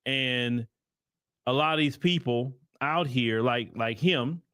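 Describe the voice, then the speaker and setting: A man's voice: medium pitch, takes it slowly, pushed and bright, no room sound, clean studio sound. A man hosting a livestream commentary, talking in a heated, rambling way full of repeated restarts. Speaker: host and commentator.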